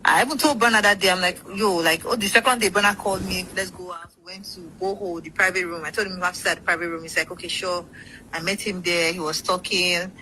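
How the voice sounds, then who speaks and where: A woman's voice: on the low side, steady tone, fast, few pauses, sharp tone, slight background noise, low-quality recording. A woman, a guest telling a long story in a rambling, casual way and acting out what others said. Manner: rambling, acts out quoted speech, swears. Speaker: interview guest.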